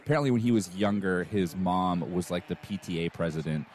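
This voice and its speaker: A man's voice: sits low, fairly quick, darkish tone, a little hiss or hum. A man co-hosting a podcast, casually recapping a movie plot and cast in detail. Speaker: podcast co-host. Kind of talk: casual chat.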